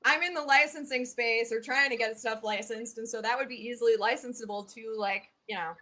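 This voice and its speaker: A woman with a Southern US accent, talking as an expert guest in a casual interview, chatty and animated with many fillers. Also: fairly high pitch, fairly quick.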